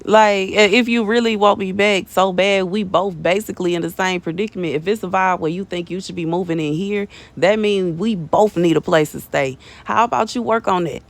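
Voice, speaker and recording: A woman with a medium-pitched voice speaks at a moderate pace with hardly any pauses, offering a casual prophetic message from her mother's house, in a bedroom. Animated and slangy, she laughs frequently and calls her listeners baby and bruh.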